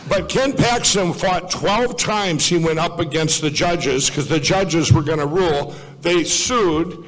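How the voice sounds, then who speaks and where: A man with a somewhat high voice gives a loose, digressive speech to a crowd, circling back and fixing his own words as he goes. His talk is folksy and off the cuff. It carries a long reverb from a large hall. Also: a little slow, a bit bright. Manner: digressive, self-correcting, folksy. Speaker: speaker at a political event. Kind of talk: rambling public speech.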